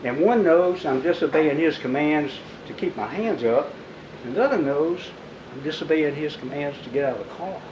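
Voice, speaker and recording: Man, author at a bookstore talk, animated live storyteller, fairly high voice, slightly muffled sound. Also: normal speed, roomy sound, noisy background. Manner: vivid storyteller who acts out shouted lines. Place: bookstore event room.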